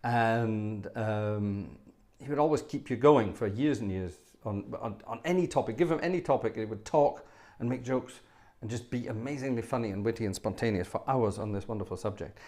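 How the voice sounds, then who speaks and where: A man's voice: lowish voice, normal speed, darkish tone. Rambling man telling wry anecdotes. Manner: rambling anecdotes with fillers and asides; wry, self-deprecating humour. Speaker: livestream host and organist. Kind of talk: casual storytelling.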